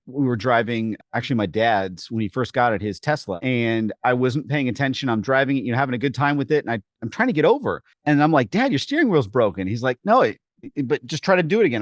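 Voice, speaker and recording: A man's voice: medium pitch, no room sound. A man co-hosting a fitness podcast, telling stories in a casual chat and acting out the quotes with animation. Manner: animated storyteller, acts out quotes. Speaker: podcast co-host.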